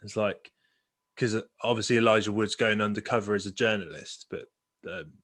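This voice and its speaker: A man's voice: on the low side, steady tone, moderate pace, a bit bright. A man co-hosting a casual podcast chat about football films, chatty, trailing off with fillers and laughing often. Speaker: podcast co-host.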